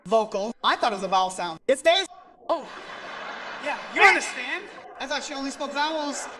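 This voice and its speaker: A man's voice: very high voice, fairly quick, noisy background. A man from Brazil doing stand-up crowd work, teasing audience members and laughing often. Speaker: stand-up comedian. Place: comedy stage before an audience.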